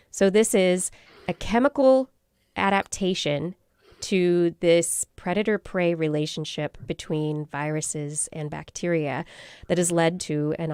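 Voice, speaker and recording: A woman's voice: fairly low pitch, a little mellow, clear, resonant tone, dry recording, studio quality. A woman co-hosting a science podcast, explaining research in a chatty, playful way.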